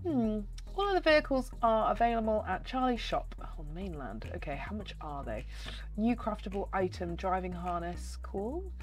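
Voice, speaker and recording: A woman chatting excitedly through gameplay commentary, her voice nasal and slightly hoarse. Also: mid-range voice, normal speed, soft background music. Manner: chatty and excitable, talking to viewers. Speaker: gaming channel host.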